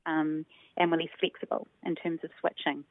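On a tinny, dry phone connection with no room sound, a New Zealand woman newly on the line answers interview questions as a linguist. Her low voice is delivered flatly, and she thinks aloud with many ums while explaining carefully.

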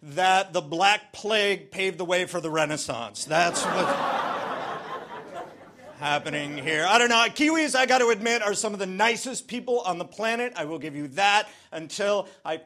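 A man with an American accent doing a stand-up set, deadpan punchlines broken by sudden loud outbursts. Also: high voice, normal speed, a little hiss or hum. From United States. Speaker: stand-up comedian. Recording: played clip of a live stand-up set.

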